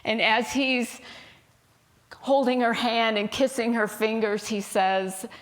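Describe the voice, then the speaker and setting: A woman minister giving a sermon, telling a story in a gentle, unhurried way. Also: on the high side, fairly even intonation.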